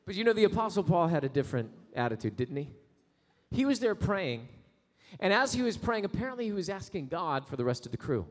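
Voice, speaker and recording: A male pastor preaching a sermon, building to slow, loud, rising prayer passages. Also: sits high, very animated. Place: church sanctuary. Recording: long hall reverb.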